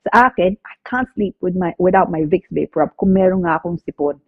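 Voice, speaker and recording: Congested woman co-host, chatty and hesitant, lower voice, dry tinny call audio. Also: fast, no room sound. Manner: chatty, frequent tag questions and hesitations. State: stuffy nose from a cold. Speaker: immigration lawyer co-hosting a live show. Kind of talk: casual live chat reading viewer messages. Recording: dry, tinny phone-like line.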